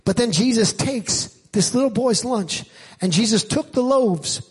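Delivering his sermon from the pulpit, a middle-aged pastor speaks a little slowly in a husky, notably high voice. His preaching is lively, and he climbs loud and high whenever he wants to drive a point home in the church.

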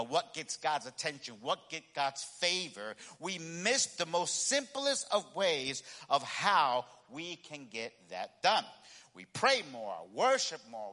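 A male pastor preaching a sermon with animated delivery and call-and-response asides. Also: fairly high pitch, in a large hall.

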